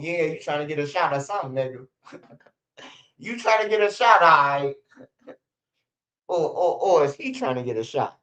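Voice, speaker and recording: His voice is a bit bright and on the high side, expressive, at a moderate pace with frequent pauses. The forty-something channel host tells casual, rambling, profane stories on livestream, restarting many times and laughing. It's recorded in roomy, dull, lo-fi stream audio.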